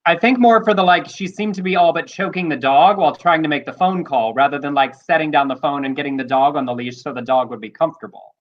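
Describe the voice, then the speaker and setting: A man co-hosting a casual live-streamed talk show, quick and wry, who reads out viewer questions. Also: fairly high pitch. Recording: dull lo-fi audio.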